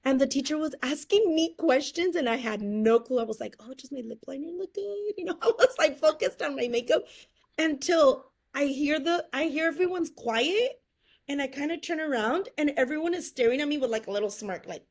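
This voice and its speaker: A woman's voice: high voice, animated, a little fast. A woman guest telling her life story in an interview, acting out the people she quotes and laughing often. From California, USA.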